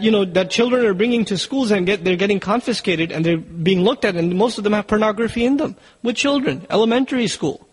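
A man's voice: high-pitched, breathy edge, long reverb tail, low-quality recording. A man giving a sermon in an urgent, exhorting way, asking the listeners rhetorical questions. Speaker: preacher.

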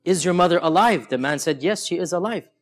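A man preaching a Ramadan sermon, retelling hadith stories with animated emphasis, drawing out key phrases and dropping in quick Arabic quotes. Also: high voice. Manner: switches between quick Arabic quotes and drawn-out emphatic English; many fillers and restarts, animated storytelling.

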